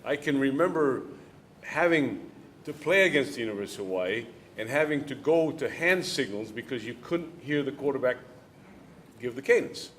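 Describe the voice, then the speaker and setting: A man's voice: mid-range voice, animated, normal speed, fairly bright tone, a little hiss or hum. Plainspoken man coaching a crowd. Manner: repeats key lines for emphasis; plainspoken, coaching-talk rhythm. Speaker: head football coach. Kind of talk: audience Q&A at a club luncheon. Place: event hall before a live audience.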